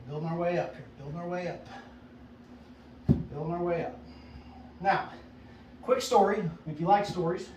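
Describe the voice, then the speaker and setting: A chatty, upbeat man coaching golf out at a driving range, his voice a bit high for a man. He is picked up from some distance, with a roomy echo and a faint outdoor ambience. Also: moderate pace, pauses often, noisy background. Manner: upbeat, chatty, self-coaching with frequent "right?". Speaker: golf instructor. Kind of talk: casual range-session coaching.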